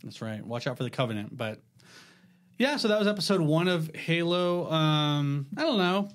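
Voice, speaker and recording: A man's voice: fairly high pitch, lively intonation, normal speed. A man hosting a podcast, laid back and chatty, in casual conversation with friends. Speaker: podcast host. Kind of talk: casual chat.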